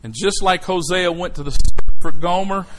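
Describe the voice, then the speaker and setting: A middle-aged male preacher tells a story from the pulpit with a fairly high voice. He swings from near-whispers to loud outbursts to stir his congregation. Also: moderate pace, slight background noise, rough recording. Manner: animated storytelling, swinging from hushed to shouting. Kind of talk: sermon with personal story.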